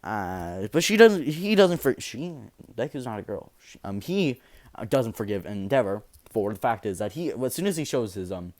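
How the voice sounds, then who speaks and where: A man's voice: fairly low pitch, big pitch swings, moderate pace, darkish tone. Rambling young man telling a story. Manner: rambling, full of fillers and restarts. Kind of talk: improvised fan story narration.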